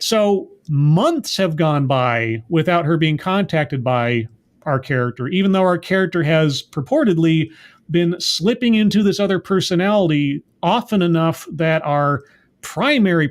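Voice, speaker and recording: Man with a slightly high voice; casual, rambling recap of a show episode, full of self-corrections. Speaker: TV episode reviewer.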